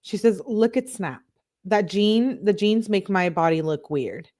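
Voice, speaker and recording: A young woman reads text messages aloud in a casual commentary style, breaking off with incredulous asides. Her pitch sits in an ordinary middle range for a woman. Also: expressive, unhurried, mellow. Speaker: true crime commentator.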